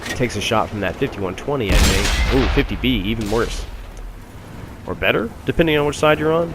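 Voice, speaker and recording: A man's voice: mid-range voice, expressive, moderate pace, background noise. A man giving a casual, wry voice-over commentary on a tank battle game, with many fillers. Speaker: gameplay commentator. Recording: gunfire and engine sounds behind.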